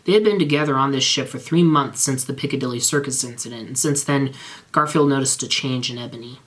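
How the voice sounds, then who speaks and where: A man reading bad fan fiction aloud in a measured, straight-faced narration. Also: mid-range voice, a bit bright.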